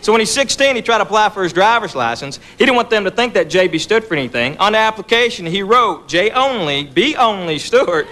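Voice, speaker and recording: A male stand-up comedian telling stories in a dry, deadpan way, repeating words for punchlines, on a stage before a laughing audience. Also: high-pitched, fast, few pauses. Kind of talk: stand-up storytelling. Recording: live show with loud audience laughter.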